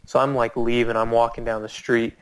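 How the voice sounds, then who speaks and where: A man with a smooth, level voice speaks fairly quickly, telling a small audience a meandering story packed with restarts. His pitch leaps high whenever he quotes anyone, and the recording quality is low.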